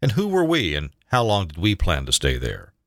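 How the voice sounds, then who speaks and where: Older man, very deep voice, lively pitch, dry close sound, reflective memoir reading. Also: moderate pace, no room sound. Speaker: narrator of his own memoir.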